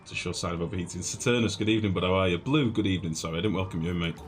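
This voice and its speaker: A young man with a deep, low voice, streaming a game and chatting to his viewers. He sounds flustered and pokes fun at himself. Game music plays clearly underneath him. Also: racing. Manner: chatty, flustered, self-mocking, greets chat viewers. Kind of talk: live-streamed gameplay commentary. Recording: music playing clearly behind voice.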